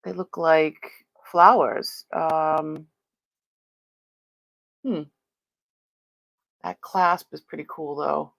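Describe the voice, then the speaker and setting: A chatty woman hosting a live-stream sale, with a somewhat low voice. She talks to viewers as she unboxes and tests items, often exclaiming and laughing. The sound is dry and close. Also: fairly even intonation, very slow, creaky, long pauses, dry recording.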